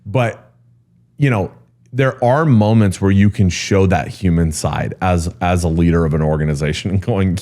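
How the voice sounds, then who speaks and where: A man with a deep, low voice talks through a story in an interview. He is candid and animated, and he leans on "um" and "you know" as he goes. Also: moderate pace. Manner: animated storyteller who jumps high when quoting people; frequent fillers like um and you know. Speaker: guest, real estate executive.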